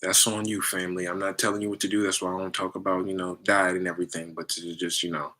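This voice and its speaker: A man with a low, bright, forceful voice talks loosely to his listeners. He acts out the people in his stories in high voices and comes back to plain talk in between. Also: fast. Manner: animated storytelling, acts out others in high voices; loose conversational slang. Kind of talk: casual spiritual talk.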